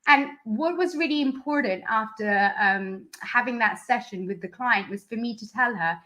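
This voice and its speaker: A woman's voice: on the high side, normal speed, few pauses, sharp tone. A woman speech and language therapist answering interview questions, explaining earnestly and step by step through examples.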